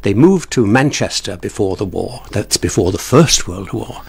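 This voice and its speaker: A man's voice: on the low side, expressive, moderate pace, vocal fry, a little mellow, slightly rough. An older man, a retired broadcaster, chatting through stories from his early life in an interview, with small chuckles and repeated words. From born in England, raised in Ireland. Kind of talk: relaxed anecdotal interview talk.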